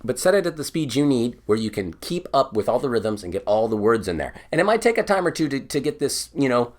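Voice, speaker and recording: A man's voice: mid-range voice, sing-song, quick pace. A man giving an online bagpipe lesson, patiently explaining each step and singing counts aloud. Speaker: bagpipe teacher.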